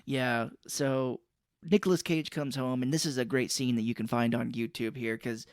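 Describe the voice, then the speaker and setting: A man's voice: medium pitch, fairly even intonation, normal speed, no room sound, studio quality. A man co-hosting a casual movie podcast, animatedly recounting scenes. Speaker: podcast co-host.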